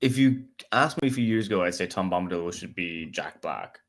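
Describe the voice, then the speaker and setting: A man's voice: sits low, expressive, fairly quick. A man co-hosting a live stream, chatting casually with dry jokes and asides. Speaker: stream co-host. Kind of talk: casual chat.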